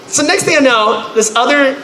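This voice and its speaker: Animated storyteller, high bright voice. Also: male voice, moderate pace. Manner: animated, acts out others with loud high-pitched outbursts. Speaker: convention panelist. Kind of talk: comedic storytelling to a live audience. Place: convention panel room. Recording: echoey room, faint noise.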